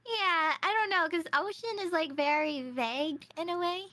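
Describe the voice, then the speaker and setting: A woman's voice: very high-pitched, moderate pace, sharp tone. A woman guest streamer in casual chat, giggling often as she talks.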